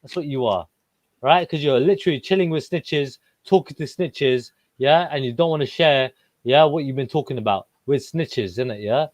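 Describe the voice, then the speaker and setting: A man's voice: mid-range voice, normal speed, no room sound. A man hosting a heated online panel, taunting another panelist with repeated insults.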